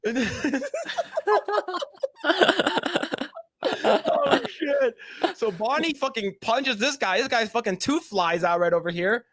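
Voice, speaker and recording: A man's voice: very high-pitched, very animated, slow, long pauses, fairly bright tone, no room sound. A man co-hosting a podcast, recapping a show in casual, profane chat and acting out the scenes in little voices. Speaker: podcast co-host.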